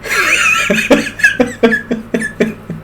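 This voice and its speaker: A man's voice: sits high, lively intonation, takes it slowly, a bit bright, a little hiss or hum, heavily acted. A man voicing a goofy German blogger from the Black Forest, with a put-on German accent and a hammy, self-mocking delivery.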